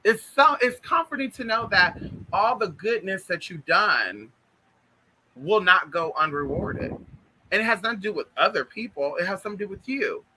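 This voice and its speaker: A man telling spiritual stories in an animated, chatty way, talking straight to his listeners. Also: high voice, moderate pace, a little hiss or hum, poor audio. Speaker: spiritual vlogger. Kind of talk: casual spiritual storytelling.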